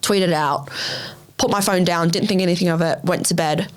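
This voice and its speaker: A young woman hosting her own podcast, telling a personal story bluntly, swearing a lot and scattering "like" fillers, and her voice jumps high when she replays her own reactions. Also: moderate pace. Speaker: podcast host. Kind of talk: candid storytelling in a casual chat.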